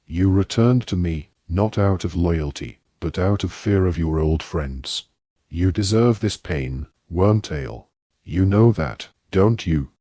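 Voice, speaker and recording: A man voicing a cold, menacing male dark lord who speaks quietly and softly, in an audiobook reading. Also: low-pitched, takes it slowly, dry recording, studio quality. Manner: quiet, soft-spoken menace.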